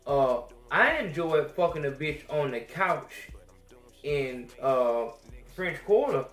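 A young man, a podcast host telling a crude story in a profane, animated rant that swings between loud outbursts and mutters. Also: medium pitch, slow pace, reverberant, soft background music.

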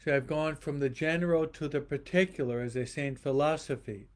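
A priest giving a homily to an online audience, slowly repeating rhetorical questions and often pausing and restarting mid-sentence. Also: male voice, a little high. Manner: slow, repetitive preaching with rhetorical questions; pauses and restarts often, speaking to online viewers. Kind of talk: livestreamed homily.

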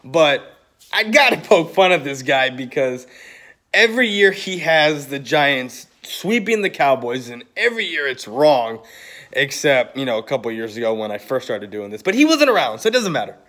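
A man's voice: mid-range voice, big pitch swings, normal speed, bright, forceful tone. Swearing, heated sports-fan vlogger man. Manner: heated, sarcastic, swearing often. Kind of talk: profane fan rant.

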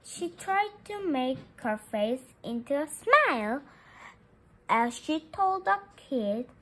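Bright, lively woman reading a storybook. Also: sits high, takes it slowly. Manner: lively, expressive read-aloud with small slips. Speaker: storybook reader. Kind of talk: reading a children's chapter book aloud.

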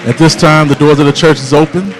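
A man preaching a sermon in a church, rising into a shouted, chanted whooping cadence and drawn-out phrasing. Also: fairly high pitch, steady tone, soft background music, a faint crowd. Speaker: pastor. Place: church sanctuary.

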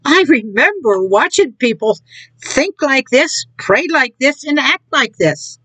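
A woman's voice: high voice, sing-song, unhurried, a bit bright, no room sound, low-quality recording. A woman preaching an informal sermon with a mocking tone. She laughs at what she describes and acts out other people's words with scorn. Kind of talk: informal sermon to an online audience.

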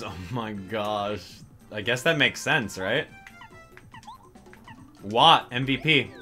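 A man giving casual, excitable gameplay commentary, thinking aloud as he plays. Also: lowish voice, unhurried, long pauses, soft background music.

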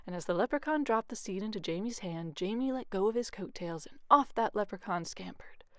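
Woman, bedtime storyteller, expressive with hushed stretches, dry sound. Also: mid-range voice, brisk, dry recording. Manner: expressive, often hushed narration. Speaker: youth ministry coordinator.

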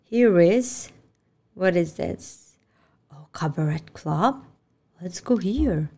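A woman's voice: lowish voice, lively intonation, takes it slowly, dark tone. A woman hosting a gaming channel, giving casual reaction commentary and exclaiming and swearing at the game. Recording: game sounds under voice.

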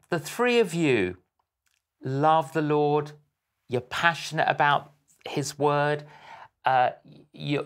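Unhurried older male interview host. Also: a little high. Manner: measured, halting, with frequent fillers. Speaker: host, evangelist. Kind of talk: interview conversation.

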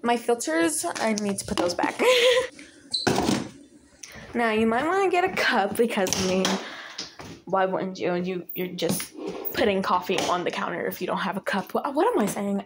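A woman's voice: medium pitch, noisy background. A young woman making coffee at home, chatting casually and self-consciously in a giggly, rambling way. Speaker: vlogger. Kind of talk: casual kitchen vlog chat. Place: home kitchen, indoors.

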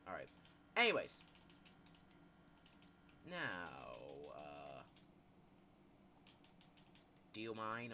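A man's voice: fairly low pitch, pushed and bright, a little hiss or hum. A man giving live gameplay commentary, panicking, yelping and swearing at the game, then rambling with lots of fillers. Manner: rambling with many fillers and restarts. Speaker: gaming YouTuber.

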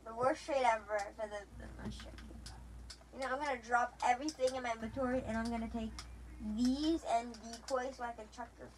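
A woman's voice: a little high, fairly even intonation, fairly quick, a little hiss or hum, rough recording. A young woman chatting casually with a friend while gaming, rambling with many restarts and playful teasing. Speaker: gamer.

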